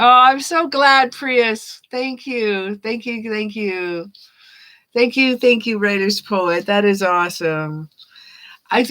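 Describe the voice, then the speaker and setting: A woman's voice: medium pitch, sharp tone. A woman giving live-stream tarot readings, chatting casually with viewers, thanking them by name and laughing often. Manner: chatty, reads chat names aloud, laughs often. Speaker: tarot reader.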